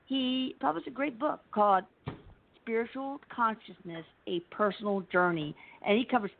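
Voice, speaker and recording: A woman's voice: a little high, normal speed, creaky, a little hiss or hum. A woman hosting a show, introducing her guest in a gushing, chatty and playful way. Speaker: show host. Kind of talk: enthusiastic casual introduction. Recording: dry, tinny phone-like line.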